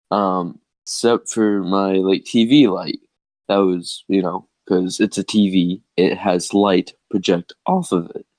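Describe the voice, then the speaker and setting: A young man co-hosting a podcast, telling his side of a story in a slow, rambling, laid-back way. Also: lowish voice, no room sound. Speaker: podcast co-host. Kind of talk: casual storytelling chat. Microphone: headset.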